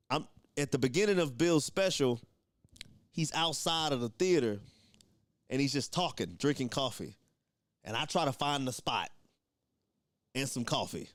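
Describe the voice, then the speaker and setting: A man's voice: mid-range voice, measured pace, pauses often, no room sound, studio quality. A young man, a comedian, telling a story in a loose, profane way and laughing often. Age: young adult. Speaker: comedian guest. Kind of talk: casual storytelling.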